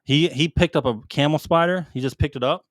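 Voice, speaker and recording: A man, co-hosting a casual podcast and telling stories in a loud, animated way, swearing constantly. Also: on the high side, fairly quick, no echo, clean studio sound. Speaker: podcast co-host, military veteran. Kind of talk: casual profane storytelling.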